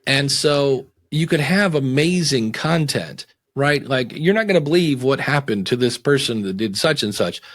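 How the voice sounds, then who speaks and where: A middle-aged man talking as a guest in a casual podcast interview, animated and acting out quotes and voices as he explains. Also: normal speed, hardly any pauses. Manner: animated, acts out voices and quotes with big pitch swings.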